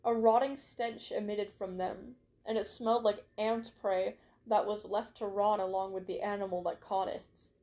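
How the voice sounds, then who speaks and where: A woman's voice: medium pitch, fairly even intonation, normal speed, few pauses, mellow. A woman reading her own story aloud on a stream, in a casual way, often stumbling and correcting herself with little asides.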